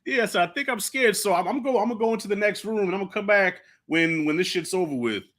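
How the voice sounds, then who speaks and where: Bright-voiced man in casual movie chat. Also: high-pitched, quick pace. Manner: loose and animated, laughs often, swears casually. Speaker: host.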